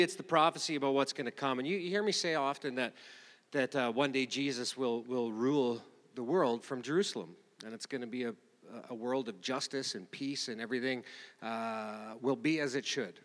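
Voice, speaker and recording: Rambling pastor preaching in an echoing hall. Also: male voice, mid-range voice, a bit bright. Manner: rambling, conversational, with many fillers and restarts. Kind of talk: informal sermon. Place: church meeting room. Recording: long reverb of a hall.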